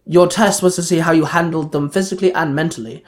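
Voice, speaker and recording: A man reading aloud, voicing the Ultra Grid, an ancient power that speaks through a teammate's avatar in a slow, formal way. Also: on the high side, fairly even intonation, close to an everyday voice. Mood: measured.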